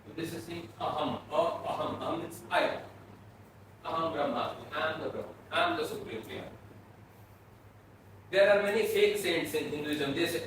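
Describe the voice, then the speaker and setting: A man from Bhutan giving a classroom philosophy lecture, explaining slowly and repeating and restarting his phrases. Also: fairly high pitch, a bit bright. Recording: echoey room, mic far off, faint noise.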